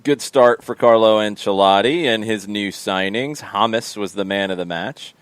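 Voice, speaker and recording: A man's voice: fairly low pitch, normal speed, clean tone, no echo. A man hosting a sports podcast, talking casually through match results and thinking aloud with frequent ums. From United States. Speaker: podcast host.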